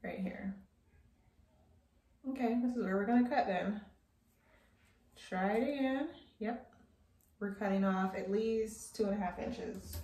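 A woman's voice: medium pitch, steady tone, measured pace, pauses often, warm tone. A woman chatting casually to her viewers while doing her hair at home. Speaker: vlogger. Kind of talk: casual vlog chat. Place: at home indoors. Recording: echoey room, faint background noise.

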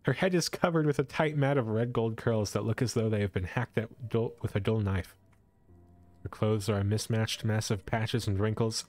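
A man's voice: lowish voice, steady tone, normal speed, a little mellow. A young man streaming live, reading an adventure story aloud and breaking off to joke with his chat. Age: young adult. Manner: playful, breaks off to joke and comment. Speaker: esports streamer.

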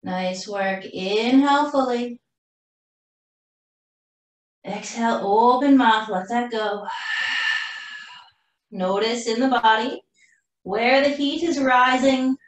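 A woman teaching a live yoga class, cueing poses calmly while doing the flow herself and running out of breath. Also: fairly high pitch, takes it slowly, pauses often. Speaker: yoga instructor. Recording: roomy echo from far off the mic.

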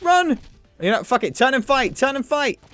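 A young man commentating his own gameplay, excitable, swearing and joking at himself. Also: very high-pitched, brisk, clean tone, no echo, soft background music. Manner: excitable, swearing, self-mocking jokes. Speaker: gaming video host. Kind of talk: let's play commentary.

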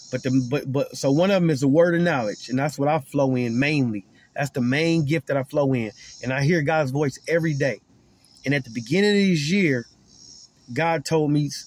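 Speaking in a medium-pitched, somewhat dark voice, this man calls himself a prophet and addresses the camera with forceful preaching. He keeps starting over and repeating his key lines for emphasis.

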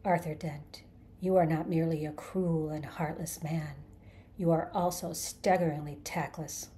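A woman voicing a rasping, vengeful creature spirit. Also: fairly even intonation, a little slow, warm tone. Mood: bitter. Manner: low menacing rumble, rasping and bellowing. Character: vengeful reincarnated male creature spirit, bitter and menacing. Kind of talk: audiobook character voice.

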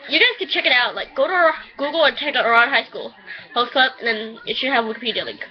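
Chatty woman rambling on at home, kinda high voice, muffled lo-fi sound. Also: lively intonation, fast. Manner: chatty, rambling, swears in outbursts. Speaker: anime reviewer. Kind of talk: casual rambling review. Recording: dull lo-fi home recording.

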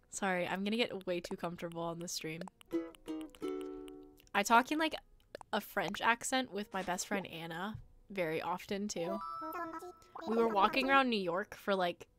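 A young woman chatting casually on a livestream while she plays a game, rambling and giggling as she teases herself. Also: medium pitch. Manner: giggly, rambling, self-teasing. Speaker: streamer. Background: game music.

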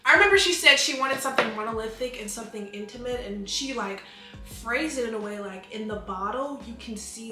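A young woman chatting excitedly in a casual review video, talking fast with lots of fillers. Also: fairly high pitch. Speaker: beauty vlogger. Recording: echoey room with faint music.

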